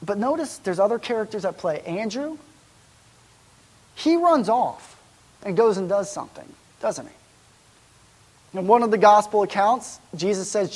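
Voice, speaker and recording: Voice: mid-range voice, expressive, a little slow, pauses often, husky. A pastor preaching a sermon in a church, in a conversational way that wonders aloud and asks rhetorical questions.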